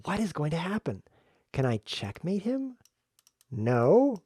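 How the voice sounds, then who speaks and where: A man streaming a chess game, talking to himself in a jokey, excitable way as he plays. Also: a little high, slow pace, long pauses, no room sound, studio quality. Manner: jokey, excitable self-talk while playing. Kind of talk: live game commentary.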